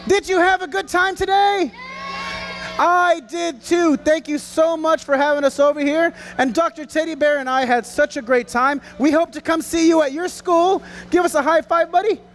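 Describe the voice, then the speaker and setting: A man presenting a lively children's stage show at a festival, playful and hammy, rousing the crowd of kids. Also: very high voice, normal speed, hardly any pauses. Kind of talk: energetic kids' stage show.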